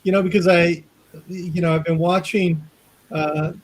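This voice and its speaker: A man's voice: sits high, flat delivery, unhurried, low-quality recording. A man hosting an interview show, asking friendly, rambling questions full of fillers. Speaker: show host. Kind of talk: casual interview chat.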